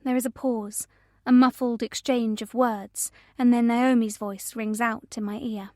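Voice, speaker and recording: A woman narrating a first-person thriller audiobook in a measured, tense way. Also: a little high, steady tone, a little mellow, dry recording, clean studio sound.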